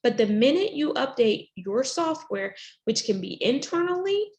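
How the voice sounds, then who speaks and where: A woman's voice: sits high, big pitch swings, moderate pace, creaky, darkish tone. A woman life coach, a podcast guest, explaining mindset exercises in a motivational, affirming way.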